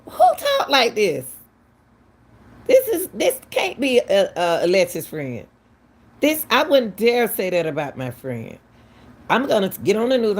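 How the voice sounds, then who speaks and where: A woman's voice: mid-range voice, a little mellow. A woman, hosting casual true-crime commentary, talking emphatically and firing off repeated, incredulous questions. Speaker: commentary channel host.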